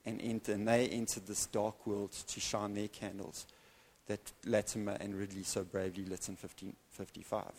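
A man preaching a sermon in an evangelical church, telling a story with animated delivery and dramatic pauses. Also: fairly low pitch, slight background noise.

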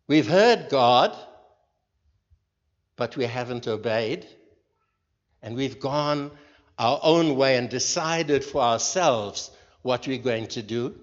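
A man leading a church group, giving an informal sermon in a slow, earnest way and putting questions to the listeners. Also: medium pitch. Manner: slow, earnest, pauses between phrases. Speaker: leader of a church group meeting. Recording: dull recording with long hall reverb.

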